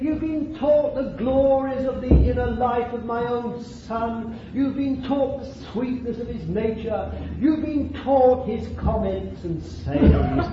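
A man's voice: extremely high pitch, lo-fi sound, slight background noise. A man preaching a fervent sermon, exclaiming and laughing between points.

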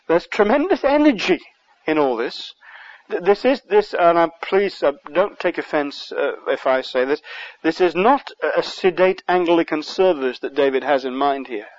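A man from England preaching an impassioned sermon, rising louder on key words. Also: fairly high pitch, lively intonation, normal speed, dull audio.

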